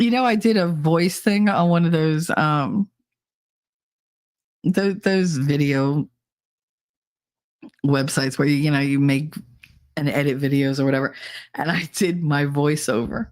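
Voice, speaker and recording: A woman's voice: sits low, measured pace, pauses often, a little mellow. A middle-aged woman hosting a live podcast stream, chatting casually with viewers, teasing and swearing, often laughing. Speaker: livestream podcast host.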